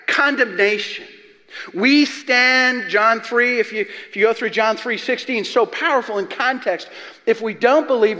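A man's voice: extremely high pitch, bright, forceful tone. A man preaching a sermon as pastor, emphatic and building to passionate peaks. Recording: long reverb of a large hall.

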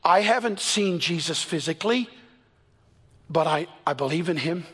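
A pastor in his fifties preaching a sermon in church, telling stories earnestly and shifting between quick and slow, emphatic delivery. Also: on the high side, lively intonation, a bit bright, husky.

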